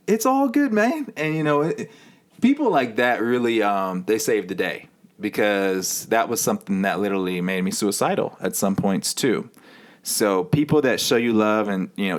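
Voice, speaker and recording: A man's voice: lowish voice, a little mellow. Candid man telling his life story. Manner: candid, rambling, with many fillers. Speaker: podcast host. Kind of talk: personal storytelling monologue.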